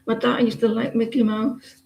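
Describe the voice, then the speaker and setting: A woman's voice: on the high side, little pitch movement, a little fast, vocal fry, dark tone, roomy sound, a little hiss or hum, rough recording. A woman giving casual, teasing tarot readings on a live stream, chatting to viewers and laughing often.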